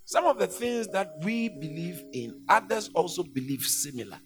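A man delivers a sermon in a high, animated voice that rises and falls widely. He hammers points home through repetition, dropping to a hush and then climbing to a shout. Faint music plays under him. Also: moderate pace. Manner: emphatic, repetitive, swings from hushed to shouting. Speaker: preacher.

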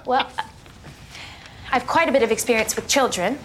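A woman's voice: fairly high pitch, normal speed, fairly bright tone, lightly acted, rough recording. An actress playing a composed young woman applying for a nanny job in a TV drama. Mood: polite. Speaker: actress in a drama series clip. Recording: faint noise on TV clip audio.

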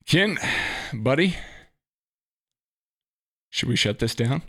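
A man's voice: mid-range voice, expressive, slow, bright, forceful tone, slightly rough. A man co-hosting a podcast, talking casually and sincerely to listeners. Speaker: podcast co-host.

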